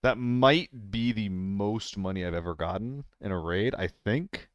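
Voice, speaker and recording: A man streaming a game live, chatting casually with viewers, laughing often and swearing when he gets excited. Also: fairly low pitch, unhurried, dry recording, dull audio. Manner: excitable, laughing and swearing between relaxed chat.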